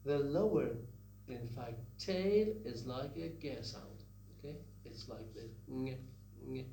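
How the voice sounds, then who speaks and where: Guy teaching phonetics, slow and lively, says sounds over and over, roomy echo. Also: medium pitch, recorded from a distance. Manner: repeats sounds and words, asks the listeners questions, often says okay. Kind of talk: recorded lecture. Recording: echoey room with faint hum.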